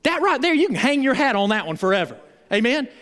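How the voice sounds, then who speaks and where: A male pastor preaching a sermon with animated, emphatic delivery and call-and-response with his congregation. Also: extremely high pitch, fast talker, long reverb tail. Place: church.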